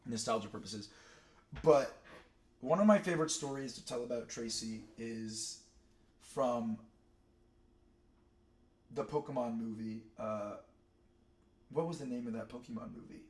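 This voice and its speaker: A man's voice: medium pitch, unhurried, long pauses, a little mellow. A young man chatting casually on a stream, telling rambling stories full of fillers and side tracks. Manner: rambling, digressive storytelling with many fillers. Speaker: streamer ranking cartoon characters. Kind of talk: casual chat.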